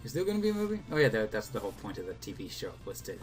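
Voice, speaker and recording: A man's voice: fairly low pitch, sing-song, racing, soft background music. A man co-hosting a game let's play, chatting casually and dropping dry, teasing quips. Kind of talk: casual chat over gameplay.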